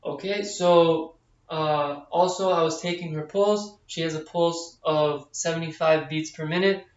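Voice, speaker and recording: A man, a nursing student, talking through a head-to-toe physical exam step by step, with frequent fillers. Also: a little high. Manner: explains each step aloud, with frequent fillers. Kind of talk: narrated physical exam demonstration. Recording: distant, echoey, dull camera audio.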